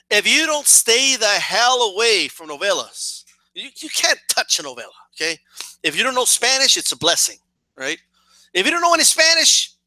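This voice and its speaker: This young man runs a boxing channel and rants comically to camera in a high-pitched voice with no room sound. He has a slight cough, swears a lot, stammers over repeated words, and acts out shouts.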